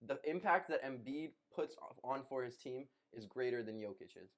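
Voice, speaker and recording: A man's voice: mid-range voice, animated, moderate pace. A young man co-hosting a casual podcast, arguing a basketball point and repeating phrases. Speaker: podcast co-host. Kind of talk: casual sports debate.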